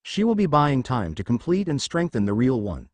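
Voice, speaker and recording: A man's voice: mid-range voice, sing-song, moderate pace, darkish tone, dry recording, natural voice. A man voicing a tense young woman army commander who barks orders and snaps back with retorts.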